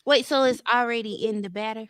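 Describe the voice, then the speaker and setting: A woman co-hosting a podcast in casual chat, playful and quick to act mock-offended. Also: on the high side, steady tone, a bit bright, clean tone, dry recording, studio quality. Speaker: podcast co-host.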